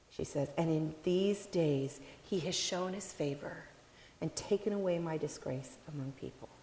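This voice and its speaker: A woman preaching a sermon, telling a story with expressive delivery and acting out the people in it. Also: on the low side, in a large hall.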